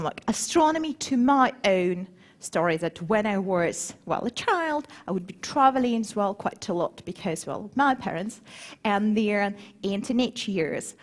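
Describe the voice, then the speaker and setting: Lively woman giving a conference talk. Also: medium pitch. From grew up between Moscow and Warsaw. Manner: lively, engaging, asks the audience questions. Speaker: conference speaker.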